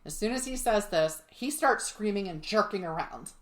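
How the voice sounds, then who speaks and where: A woman's voice: mid-range voice, animated, moderate pace. A woman co-hosting a podcast, telling a spooky history story in a sarcastic, swearing, laughing casual chat. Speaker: podcast co-host. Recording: roomy echo.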